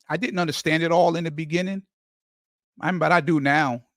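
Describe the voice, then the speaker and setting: Slightly high and fairly bright, the man's voice holds a steady tone at a slightly quick pace in an echo-free studio recording. Hosting a sports channel, he tells stories emphatically in a casual fan monologue, growing heated, with frequent stammering restarts and repeated words.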